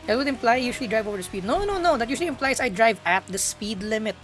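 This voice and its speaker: A woman's voice: on the high side, rapid-fire, fairly bright tone, faint music behind. A young woman, chatting playfully to her live-stream audience while gaming and laughing often.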